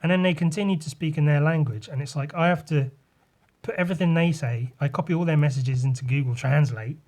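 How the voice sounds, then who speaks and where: A man's voice: on the high side, brisk, darkish tone. A young English man hosting a solo podcast, ranting sarcastically with lots of swearing while he draws. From England. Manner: talks while drawing. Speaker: podcast host, artist.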